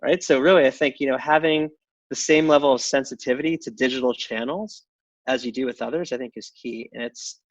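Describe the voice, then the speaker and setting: A middle-aged man speaks at an average pitch in a relaxed, halting way, circling back and restarting his sentences. His voice comes through a dull, slightly lo-fi line. The sound is dry, with no room around it. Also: no echo. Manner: halting, many restarts and fillers, chuckles often. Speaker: guest, tech company CEO. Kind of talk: casual interview talk.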